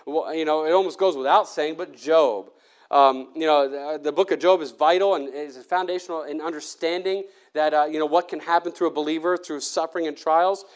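A man's voice: fairly high pitch, steady tone, a little fast, clear, resonant tone. A man preaching a church sermon in an earnest, conversational way, often restarting his sentences. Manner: earnest, with frequent restarts and fillers.

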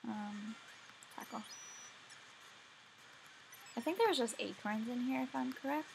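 A woman's voice: a little high, a little slow, vocal fry, a little hiss or hum, poor audio. A young woman casually commenting on her gameplay, talking to herself and yawning now and then. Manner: chatty, talks to herself while playing. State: sleepy, yawning. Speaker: let's play gamer. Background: faint game music.

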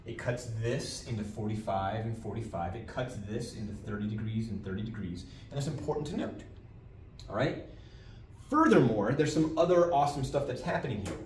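A man's voice: mid-range voice, animated, a little fast, a little mellow. Guy teaching geometry, keeps saying "all right?", sounds far from the mic in an echoey room, bit of background hiss. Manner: repetitive, drilling key terms, frequent "all right?" check-ins. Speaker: math teacher. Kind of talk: classroom lecture. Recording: roomy, distant from mic, faint background noise.

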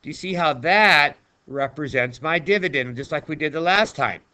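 A man's voice: fairly high pitch, moderate pace, bright, forceful tone. A male math teacher talking through a screen-recorded lesson in a chatty, playful way, chatting to himself as he writes.

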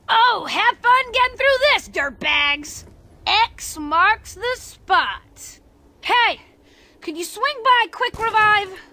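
A woman's voice: very high-pitched, bright, forceful tone, full character voice. An actress voicing a brash, wisecracking young woman who fights zombies in a video game, trash-talking as she goes.

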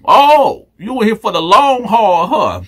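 A man voicing a menacing, soft-spoken older male prison predator who talks slowly and quietly. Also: sits high, animated, slightly rough, pitched above the performer's own voice, full character voice. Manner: quiet, slow, coaxing threats.

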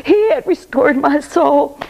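A woman's voice: sits high, slow, gravelly, a little mellow, rough recording. A middle-aged woman telling her personal faith testimony in an earnest, emotional way, often saying "you know". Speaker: guest sharing her testimony.

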